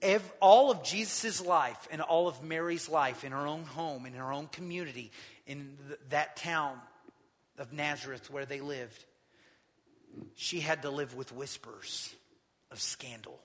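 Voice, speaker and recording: A man preaching a sermon, retelling scripture with lively acted-out quotes. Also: fairly high pitch, measured pace, long reverb tail. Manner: animated storytelling, acting out quotes. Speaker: pastor.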